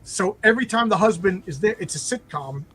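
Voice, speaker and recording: A man with a slightly high voice talks loosely and eagerly, stumbling over restarts as he retells a story and acts out bits of dialogue. A faint hiss of noise sits under the recording. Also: fairly quick, poor audio. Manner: rambling, animated retelling with many restarts and acted-out quotes. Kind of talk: casual chat.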